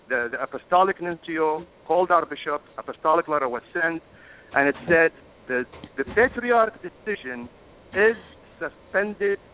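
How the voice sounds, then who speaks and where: A man's voice: fairly high pitch, a little hiss or hum. A man speaking as a guest on a call-in radio discussion, impassioned and emphatic, stopping to apologize for getting emotional. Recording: tinny phone line.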